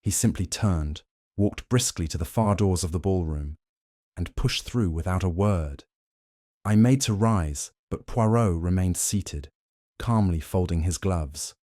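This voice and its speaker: Deep-voiced male mystery narrator. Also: a little slow, mellow, no room sound, studio quality. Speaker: audiobook narrator. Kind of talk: scripted first-person mystery narration.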